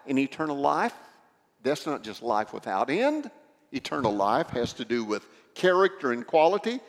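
Animated man preaching a sermon. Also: medium pitch, moderate pace. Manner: explanatory, animated storytelling. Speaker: pastor. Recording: echoey hall with long reverb.

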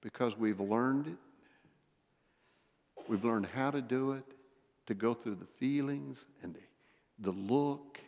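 A male pastor preaching a sermon, addressing the congregation with rhetorical questions and swinging between a raised, emphatic delivery and hushed, intimate tones. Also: mid-range voice, slow pace, long pauses, big-room sound, dull audio.

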